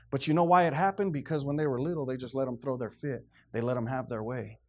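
A man's voice: on the high side, darkish tone. A man preaching a sermon in a stern, emphatic, plainspoken way, repeating phrases to drive his points home.

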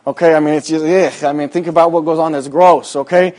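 Male pastor with a raised pitch, chatty and rambling, drifting from anecdote into scripture in church. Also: fairly even intonation, a little fast, darkish tone. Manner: folksy, rambling storytelling with many fillers. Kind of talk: sermon with personal story.

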